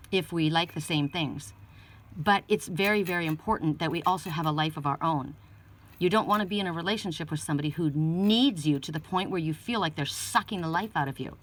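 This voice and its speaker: A woman with a fairly low yet rather bright voice reads oracle cards, weaving advice together with anecdotes from her own life. She speaks earnestly and wanders, frequently starting sentences over. She's positioned well back from the microphone.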